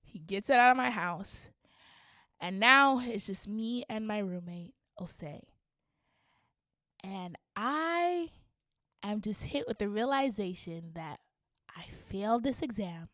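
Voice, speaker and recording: A woman's voice: medium pitch, slow pace, long pauses, no room sound, studio quality. Young woman telling a wild story. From Canada. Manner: animated, slangy, rising to shrieks. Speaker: podcast host. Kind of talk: casual storytelling.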